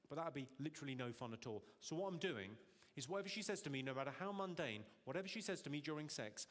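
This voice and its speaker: High-voiced deadpan stand-up comedian. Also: male voice. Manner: deadpan, teasing the audience. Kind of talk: stand-up comedy with crowd work. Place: large theatre in Glasgow. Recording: reverberant hall, loud noise, crowd.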